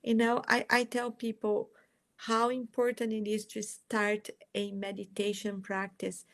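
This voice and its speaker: A woman from Brazil, a holistic nurse guest, talking in a relaxed interview with an unhurried, gently encouraging manner. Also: mid-range voice. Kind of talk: casual interview talk.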